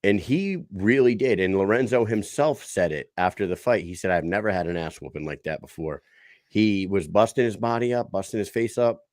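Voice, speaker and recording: Male co-host, lowish voice, dry close mic, keen and profane storyteller. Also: brisk, darkish tone, dry recording. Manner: enthusiastic, swearing, retells with quotes. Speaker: podcast co-host. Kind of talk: casual chat.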